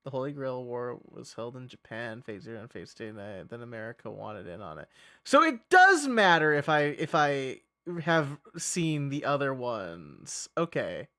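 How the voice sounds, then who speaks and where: A man's voice: mid-range voice, big pitch swings, normal speed, pushed and bright. A male streamer in casual livestream chat, rambling and profane, often breaking into laughter.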